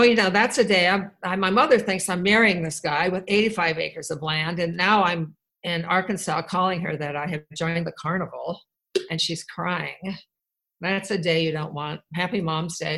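Low-voiced woman telling her story frankly. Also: gravelly, a bit bright, low-quality recording. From Wisconsin. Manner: candid, rambling, wry, with restarts. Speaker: speaker sharing her life story. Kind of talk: personal storytelling talk.

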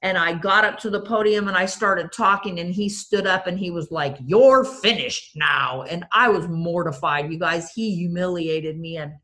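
Her voice is on the low side, steady and sharp, moving at a moderate pace with hardly any pauses. She shares a funny, self-deprecating recovery testimony at a meeting and keeps addressing the people in the room.

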